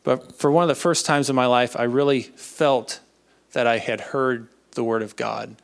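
A young man giving an earnest personal faith testimony, halting and often repeating his words. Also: medium pitch, fairly even intonation, gravelly, smooth. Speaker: speaker sharing a testimony.

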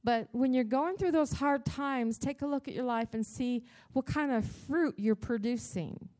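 A woman giving a devotional church talk, telling a personal story in an animated, dramatic way, with her voice jumping up in pitch and loudness. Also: measured pace. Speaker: church speaker.

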